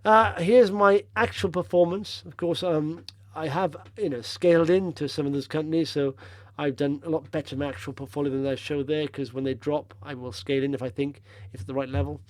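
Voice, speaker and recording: Male investing vlogger, tired and rambling, slightly higher voice, dry close recording. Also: fairly even intonation, a little fast, dry recording. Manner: chatty, rambling, blunt opinions. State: tired after a long drive. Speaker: stock-picking video host. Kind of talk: casual market commentary over charts.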